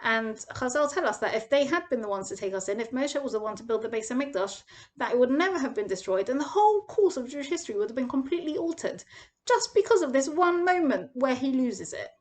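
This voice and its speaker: A young woman, teaching a weekly Torah portion lesson and acting out the quoted voices with big swings. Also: quick pace. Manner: animated storytelling, acts out quoted voices with big pitch jumps. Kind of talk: expressive parsha lesson.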